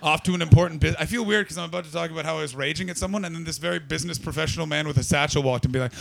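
Hoarse, gravelly man doing stand-up. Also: rapid-fire, hardly any pauses. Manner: loud, swearing, jumps into a shrieking high register for bits. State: losing his voice. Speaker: stand-up comedian. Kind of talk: stand-up comedy set with crowd work.

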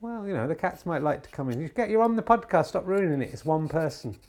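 A man hosting a podcast, doing mock snooker commentary at home in a deadpan ironic way, rambling with many filler pauses. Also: on the high side. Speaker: podcast host. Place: home TV room.

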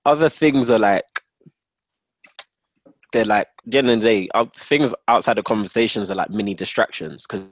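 A young man chatting casually with friends, animated and quick to laugh. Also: lowish voice, no room sound. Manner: animated, laughs often, repeats himself. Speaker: podcast co-host. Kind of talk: casual chat among friends.

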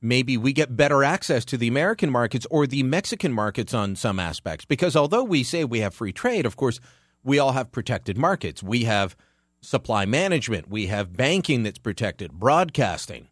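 A man's voice: medium pitch, sing-song, moderate pace, no room sound, studio quality. A Canadian man hosting a talk radio show, delivering opinionated commentary with emphatic, sarcastic energy.

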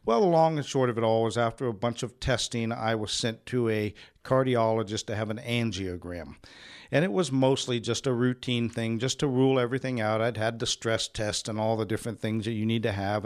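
A man's voice: mid-range voice, normal speed. A man, a pastor and radio host, giving an earnest personal testimony with humorous asides in a radio studio.

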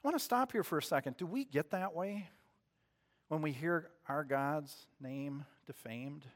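A man's voice: a little high, takes it slowly, pauses often. Man preaching a sermon with long reverb. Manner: conversational storytelling, asks the congregation questions. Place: church.

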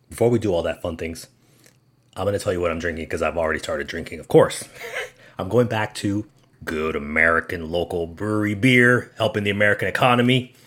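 A man's voice: deep voice, fairly bright tone. A man hosting a podcast, talking in a chatty, rambling way and often correcting himself. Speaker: podcast host. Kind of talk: casual solo podcast monologue.

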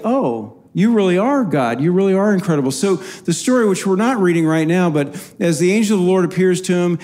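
A man's voice: fairly high pitch, warm tone. A man co-hosting a faith talk, earnestly explaining a Bible story in a casual teaching style.

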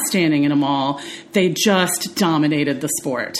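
Woman with a lowish voice chatting on a podcast, lots of "like" and "um", bit of hiss. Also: unhurried. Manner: chatty, animated storytelling with many fillers. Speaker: podcast co-host. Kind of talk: casual chat.

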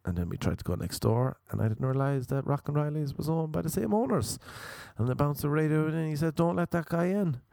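A man's voice: on the high side, expressive, a little fast, creaky, mellow, dry recording, clean studio sound. A young Irish man hosting a podcast, delivering a sweary, sardonic comedic rant in a casual monologue. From Ireland. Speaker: podcast host.

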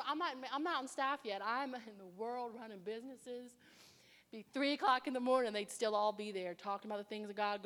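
A woman preaching a sermon, telling her own story with animated delivery and acting out other people's voices. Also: fairly high pitch. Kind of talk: sermon with personal testimony. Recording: long reverb of a large hall.

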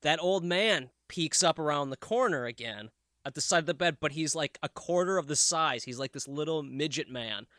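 A man co-hosting a podcast in a bright, slightly high voice, spinning animated stories peppered with swearing and "like". The recording is dry and close, with no room sound. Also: moderate pace, no room sound. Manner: animated storyteller, swears freely, lots of "like". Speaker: podcast co-host. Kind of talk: casual chat.

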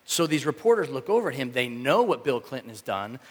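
A man preaching a sermon in a casual, animated way, acting out the reactions of the people in his story. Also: mid-range voice, fairly quick, slightly rough, in a large hall. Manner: animated, conversational, acts out quoted reactions. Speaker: pastor.

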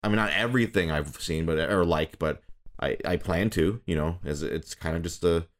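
A man's voice: low-pitched, normal speed. A young man chatting casually, rambling and restarting often, eager about his favorite things. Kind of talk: casual chat.

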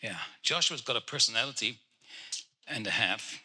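A man delivers personal prophecies to the congregation in a direct way, breaking into teasing jokes and laughter. His voice is very bright and forward, with a husky, breathy edge. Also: medium pitch, animated, moderate pace. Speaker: guest prophet. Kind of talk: prophetic ministry to individuals.

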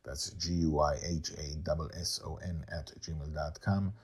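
A man's voice: extremely low pitch, fairly even intonation, measured pace, husky. A man reading his serialized story aloud, breaking off for chatty asides full of uhs. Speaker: storyteller and podcast host.

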